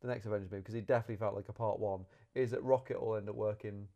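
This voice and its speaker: A man's voice: on the low side, very fast, muffled recording. A man, chatting casually about a film as a podcast host, rambling and restarting his sentences. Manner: rambling, animated, self-correcting. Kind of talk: casual movie review chat.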